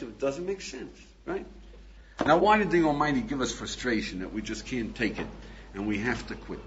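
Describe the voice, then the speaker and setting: An older man, a rabbi, giving a lively lecture, acting out little scenes and asking his listeners questions. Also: mid-range voice, normal speed, lo-fi sound, a little hiss or hum. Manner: animated, acts out little scenes with voices, laughs, asks the audience. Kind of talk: recorded lecture.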